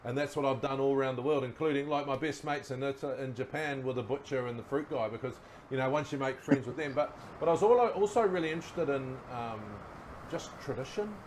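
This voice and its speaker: Relaxed New man telling stories. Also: medium pitch, fairly quick, a little hiss or hum. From New Zealand. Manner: relaxed yarn-spinning, laughing at his own stories. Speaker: guest, former rugby player. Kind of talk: casual storytelling chat.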